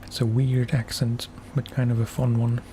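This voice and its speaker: A man streaming a game for relaxation, talking softly in unhurried, musing asides. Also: medium pitch, little pitch movement, a little hiss or hum. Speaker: gaming ASMR streamer. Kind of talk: soft-spoken gameplay commentary.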